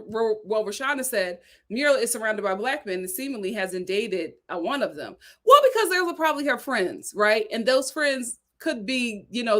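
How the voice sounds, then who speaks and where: A woman hosting a live stream, reading viewer comments aloud and reacting to them in casual, animated chat. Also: on the high side.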